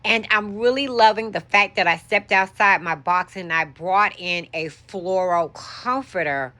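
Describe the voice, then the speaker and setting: Slow-talking woman with a bright voice. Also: mid-range voice. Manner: chatty, explaining as she points things out. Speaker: home decor vlogger. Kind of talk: casual show-and-tell walkthrough. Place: her bedroom, indoors.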